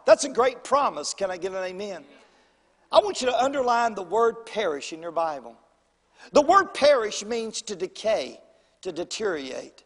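An older man preaching a sermon as pastor, calling for amens and swinging his voice between loud and soft. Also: moderate pace, big-room sound. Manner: preacherly call-and-response, animated swings in pitch and volume. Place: church sanctuary.

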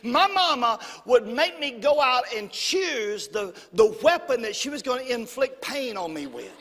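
A man from Alabama with a Southern US accent, telling folksy, humorous stories from the pulpit in an animated way. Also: extremely high pitch, unhurried. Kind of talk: storytelling sermon. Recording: long hall reverb.

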